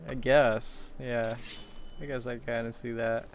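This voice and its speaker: A man's voice: mid-range voice, flat delivery, a little hiss or hum. A man giving casual, rambling gameplay commentary, joking and swearing freely. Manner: rambling, joking, profane, quick to laugh. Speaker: streamer playing a game.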